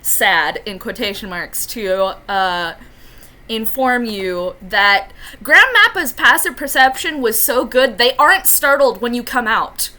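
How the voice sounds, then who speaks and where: A woman's voice: a little high, lively intonation, slow pace, pushed and bright. A woman narrating as game master, hesitant and full of fillers.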